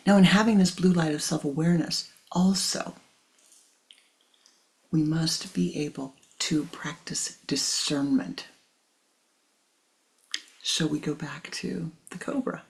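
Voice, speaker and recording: A man leads a spiritual teaching and tells a parable in a hushed, often whispered voice. His speech is very slow and deliberate, with a gravelly texture throughout. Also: a little high, fairly even intonation. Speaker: meditation teacher.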